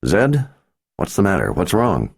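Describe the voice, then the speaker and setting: A man's voice: deep voice, huge pitch swings, a little slow, gravelly, slightly rough, pitched above the performer's own voice, full character voice. A man narrating an audiobook, voicing a big, tough, protective father with a blunt, demanding drawl. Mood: stern. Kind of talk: audiobook character voice.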